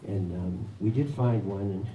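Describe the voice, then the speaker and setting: A man's voice: fairly low pitch, unhurried, distant mic, phone-quality sound. A man telling a personal story at a live story hour, wry and chuckling often. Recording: echoey room with background noise.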